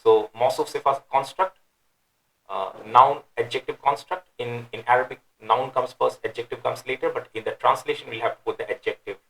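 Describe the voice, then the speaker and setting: A man's voice: mid-range voice, steady tone, brisk, a bit bright, low-quality recording. Man patiently teaching a verse. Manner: patient, explanatory, repeats words for emphasis; recites in melodic chant. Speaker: Quran teacher. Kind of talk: explaining verse translation.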